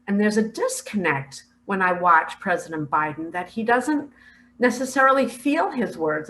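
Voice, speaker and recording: An older woman earnestly recounting a spiritual vision in a slow, heartfelt, emotional way. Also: mid-range voice, a bit bright, a little hiss or hum, rough recording. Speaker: spiritual speaker sharing visions.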